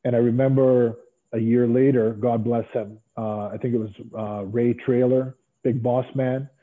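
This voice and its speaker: A middle-aged man, a guest in a long interview, telling stories in an animated way and acting out the dialogue he quotes. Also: medium pitch, measured pace. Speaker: interview guest, former pro wrestler. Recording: tinny phone-like line.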